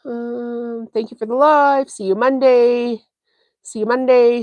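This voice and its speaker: A woman's voice: fairly high pitch, takes it slowly, no room sound. A woman hosting a sewing livestream, chatting casually and telling a story full of fillers and acted-out quotes. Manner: animated, acts out quoted dialogue. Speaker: sewing channel host.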